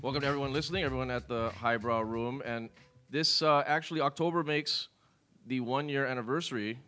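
A man's voice: medium pitch, brisk, bright, forceful tone, faint music behind. A man hosting a casual podcast, joking loosely and laughing often with his co-hosts. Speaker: podcast host. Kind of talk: casual banter.

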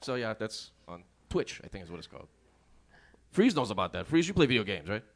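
A man's voice: fairly low pitch, big pitch swings, brisk. A man hosting a casual podcast, joking loosely and laughing often with his co-hosts. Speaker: podcast host. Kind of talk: casual banter.

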